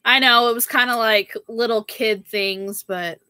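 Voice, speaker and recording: On a casual live sale stream, a young woman talks with her viewers and keeps saying "like" and "girl." Her voice sits on the high side, steady and unhurried with a sharp tone, in studio-quality audio with no room sound.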